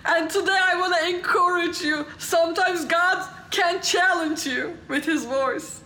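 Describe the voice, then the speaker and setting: A woman preacher with a very high, bright voice delivers a sermon slowly and passionately. She drops to hushed tones, then rises to exclaiming and laughing through tears. The recording is in an echoey room. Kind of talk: sermon with testimony storytelling.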